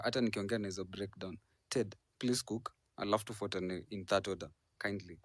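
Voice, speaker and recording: A Kenyan man hosts a live online audio room in a lowish voice that sounds dry and close. He sets time limits and calls each speaker in turn. He mixes Swahili and English as he speaks. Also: fairly even intonation, a little fast, few pauses, dry recording. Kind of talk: moderating a discussion.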